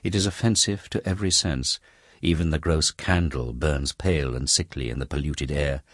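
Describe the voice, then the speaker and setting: A man with an extremely deep voice narrates a classic novel as an audiobook. His reading is measured and descriptive, and the close recording sounds dry. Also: a bit bright, dry recording. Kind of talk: scripted narration.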